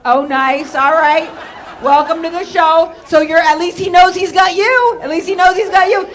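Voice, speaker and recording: A woman's voice: very high voice, fairly even intonation, normal speed. A woman from Maine doing stand-up, riffing loosely with the audience and swearing freely. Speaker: stand-up comedian. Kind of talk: stand-up crowd work. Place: comedy club stage before a live audience. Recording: live club recording with crowd laughter and noise.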